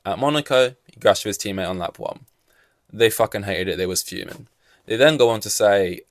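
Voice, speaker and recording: A man's voice: on the low side, fairly quick, no echo, studio quality. A young man hosting a podcast, ranting casually and sarcastically, swearing freely. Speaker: podcast host. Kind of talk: casual solo podcast commentary.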